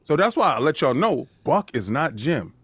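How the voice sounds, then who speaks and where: His voice leans high with a breathy edge as this male podcast host rants at a moderate pace, emphatic and animated. In the casual conversation he often starts over, repeating opening words, and the recording is dry.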